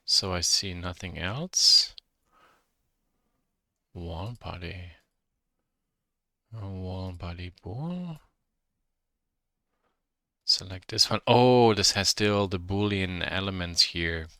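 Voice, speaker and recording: A man with a German accent teaching a software modeling lesson, thinking aloud and correcting himself as he works. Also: low-pitched, slow pace, long pauses, dry recording, clean studio sound. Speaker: instructor.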